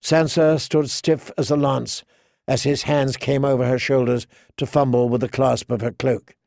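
A man narrating a fantasy novel in an audiobook with measured, even storytelling. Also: mid-range voice, vocal fry, no room sound, clean studio sound.

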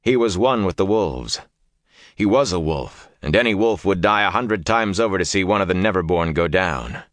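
A man reading a fantasy novel aloud as an audiobook narrator, in a measured, dramatic way. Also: low voice, lively intonation, fairly bright tone, no echo, studio quality.

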